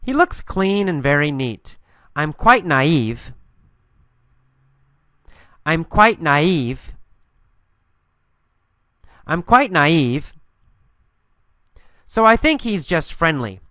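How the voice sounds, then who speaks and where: Man teaching with slow, clear repetition. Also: a little high, sing-song, bright, forceful tone, no room sound, clean studio sound. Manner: repeats lines slowly and clearly for learners. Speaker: English teacher. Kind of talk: mini-story listening lesson; guided story narration with instructions.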